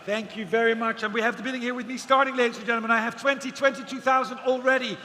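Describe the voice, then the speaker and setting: A man's voice: very high-pitched, steady tone, pushed and bright. A man calling bids as an auctioneer, rattling off figures over and over with the odd joking aside. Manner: rapid repetitive bid calling, joking asides. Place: outdoor auction event. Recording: long reverb, faint background noise.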